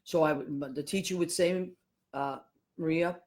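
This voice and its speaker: A woman, hosting a podcast and telling a family story in a casual, animated way, acting out the voices of the people in it. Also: deep voice, moderate pace. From Boston, USA. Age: 50s. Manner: animated, acts out voices of people in her stories. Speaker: podcast host.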